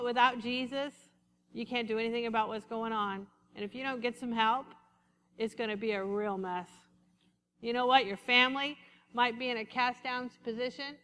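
A woman pastor preaching a lively sermon, acting out quotes with a changing voice. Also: a little high, smooth. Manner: lively preaching, acts out quotes and sheep sounds. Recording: echoey hall with long reverb.

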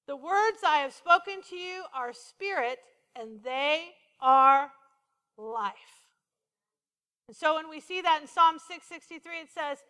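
A woman's voice: extremely high pitch, sharp tone, big-room sound. A woman preaching a sermon, playful and full of questions to the congregation.

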